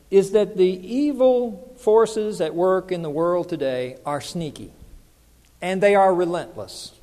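High-voiced preacher in a reverberant hall. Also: male voice, mellow. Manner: conversational, asks the congregation questions. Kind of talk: sermon.

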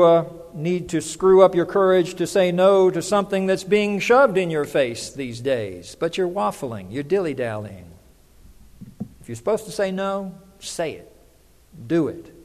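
A man's voice: on the high side, darkish tone, long reverb tail. A man preaching a sermon in a conversational way, often putting questions to the congregation.

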